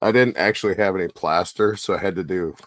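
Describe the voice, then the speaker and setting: A man with a very deep voice trades deadpan wisecracks on a casual podcast. The sound is dry and close. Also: quick pace, no room sound. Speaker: podcast co-host.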